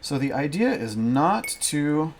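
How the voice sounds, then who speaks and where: A man's voice: a little high, big pitch swings, slight background noise. A man casually playing a solo card game and reading its story aloud, with lots of fillers and restarts. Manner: halting, many fillers and restarts. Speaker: solo game player and narrator. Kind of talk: casual play-through narration.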